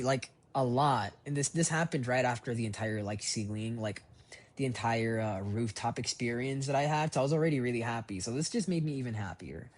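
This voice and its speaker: Husky-voiced man rambling in a voice memo. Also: medium pitch, darkish tone. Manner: rambling and reflective, with many fillers and restarts. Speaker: voice diary keeper. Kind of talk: personal voice memo diary. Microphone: phone voice memo.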